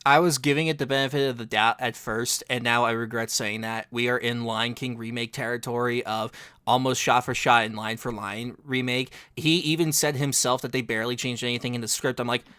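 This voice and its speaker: Bright-voiced man with wry sarcasm. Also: mid-range voice, fairly even intonation, brisk, smooth. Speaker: podcast co-host. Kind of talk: casual chat.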